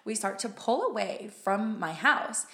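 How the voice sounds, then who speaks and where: A woman's voice: medium pitch, lively intonation, unhurried, fairly bright tone. A young woman in casual chat, telling a story with lots of "like" and casual swearing. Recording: roomy echo.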